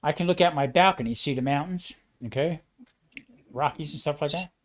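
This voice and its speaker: Chatting casually like a retired chef trading tales with friends, a man rambles through stories, jumping in excitedly and restarting sentences. His voice is a touch higher than most men's, his pace brisk, with a crowd audible behind him.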